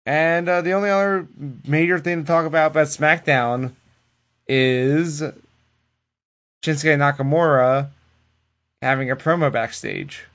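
A man co-hosting a casual podcast, retelling wrestling in a loose, profane, animated way. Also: a little high, unhurried, pauses often. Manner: animated, profane storytelling that acts out the people it quotes. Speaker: podcast co-host recapping wrestling. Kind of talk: casual chat.

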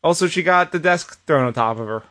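A man with a slightly raised voice co-hosts a podcast. He talks through wrestling recaps in a loose, animated way and slips into quoted lines and restarts as he goes. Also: on the high side, fairly quick. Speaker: podcast co-host. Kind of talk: casual wrestling recap chat.

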